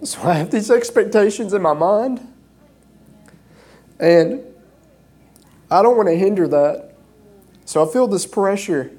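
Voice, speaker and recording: A man preaching an informal sermon from a church stage, emotional and earnest, often pausing with fillers. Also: high-pitched, lively intonation, a little mellow, slightly rough. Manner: earnest, halting with frequent fillers.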